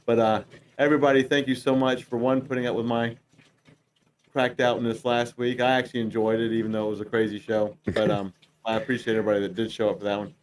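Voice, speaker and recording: A man's voice: medium pitch, flat delivery, fast talker, distant mic, a little hiss or hum. A man hosting a casual stream chat, easygoing and teasing, wrapping up the show. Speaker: host.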